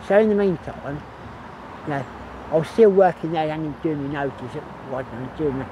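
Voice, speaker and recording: A man's voice: on the high side, a little fast, background noise. Older man, rambling reminiscence. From England. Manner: rambling, repeats "so consequently". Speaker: hospital gardener. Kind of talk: casual reminiscing. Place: outdoors on hospital grounds.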